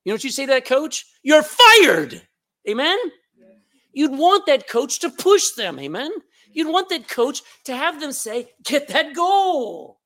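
Texan pastor preaching in a church. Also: male voice, very high voice, sing-song, normal speed. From Texas. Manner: emphatic, repeats words, call-and-response. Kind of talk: sermon. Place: church sanctuary.

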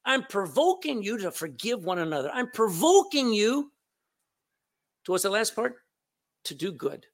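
Speaking at normal speed in a high-pitched, very animated voice, a man from Texas preaches to his church in the sanctuary. He delivers the sermon emphatically, repeating words and calling out to the congregation.

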